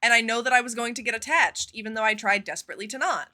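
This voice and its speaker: A woman streamer chatting casually with her viewers, telling stories in an expressive, profane way. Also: a little high, very fast. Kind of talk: casual live-stream chat.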